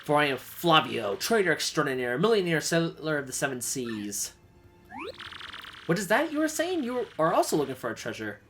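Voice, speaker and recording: A man's voice: fairly high pitch, fairly bright tone. A man voicing a pompous, flamboyant male trader who talks in a grand, theatrical way. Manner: grandiose, dramatic, self-praising.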